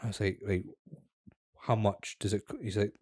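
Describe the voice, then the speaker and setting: A man's voice: on the low side, steady tone, moderate pace, dark tone, husky, no room sound, studio quality. A young man, a podcast co-host, chatting casually and telling a long, sweary anecdote with acted-out quotes. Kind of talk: casual chat, storytelling.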